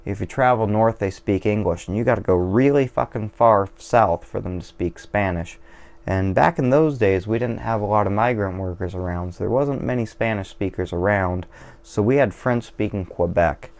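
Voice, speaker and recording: Gravelly, low-voiced man rambling. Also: moderate pace, a little mellow. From Washington State, USA. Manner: digressive, profane, self-deprecating. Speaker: vlogger. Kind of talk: casual rambling monologue over beer.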